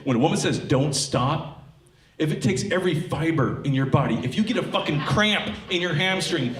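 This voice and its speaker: A man from Tacoma doing a profane, animated stand-up comedy set on a live theatre stage. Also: a little high, moderate pace, a little hiss or hum. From Tacoma, Washington. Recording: echoey live theatre with crowd laughter. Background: audience laughing and clapping.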